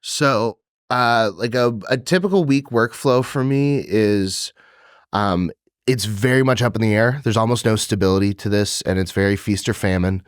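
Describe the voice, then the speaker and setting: A man who does stand-up, talking as a podcast guest and telling animated, profane stories with frequent laughter. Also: fairly low pitch, moderate pace, clean tone, no echo, clean studio sound. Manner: animated storytelling, swears freely, laughs often. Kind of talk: casual podcast chat.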